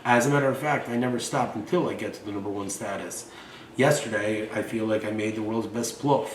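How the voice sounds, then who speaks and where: A man's voice: on the low side, brisk, echoey room, recorded from a distance, a little hiss or hum, poor audio. A man in his forties, from Russia, hosting a show and talking in a blunt, boastful, profane way. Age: 40s. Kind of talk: casual monologue and storytelling.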